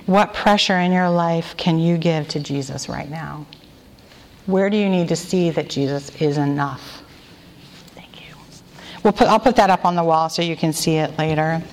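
A woman giving a devotional talk to a group, gentle and prayerful, stretching key phrases slowly and leading the listeners in repeating them. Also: low-pitched. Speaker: women's retreat speaker. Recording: long hall reverb.

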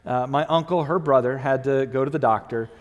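A man's voice: medium pitch, a little fast, big-room sound, dull audio. A man preaching a sermon, telling a family story and acting out the people in it before moving to scripture. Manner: animated storyteller, acts out quoted voices. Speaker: pastor.

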